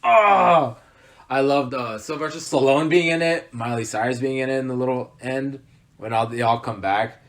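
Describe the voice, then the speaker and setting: A young man in casual podcast chat, enthusiastic and rambling. He strings thoughts together with fillers and restarts. His pitch sits in an ordinary middle range. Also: brisk. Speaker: podcast co-host.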